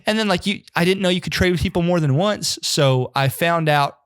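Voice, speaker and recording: A man's voice: fairly high pitch, fairly quick, clear, resonant tone, no room sound, studio quality. A man as a podcast guest in casual chat, rambling and self-deprecating, laughing often. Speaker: guest on a video game podcast.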